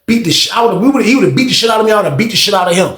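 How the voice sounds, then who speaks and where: A young man telling a story casually, animated and slangy, talking straight to his listeners. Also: sits high, racing. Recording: roomy echo.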